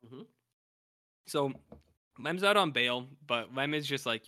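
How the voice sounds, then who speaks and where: A man's voice: medium pitch, moderate pace, bright, forceful tone, clear, resonant tone, dry recording, clean studio sound. A man co-hosting a podcast in casual chat, animatedly retelling episodes and acting out what characters say. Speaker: podcast co-host.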